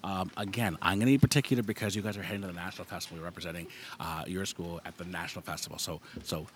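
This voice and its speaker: A man's voice: deep voice, steady tone, very fast, a little hiss or hum. A man adjudicating a school band over a microphone, giving frank, specific feedback and singing rhythms aloud to show what he wants. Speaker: music festival adjudicator. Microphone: handheld microphone.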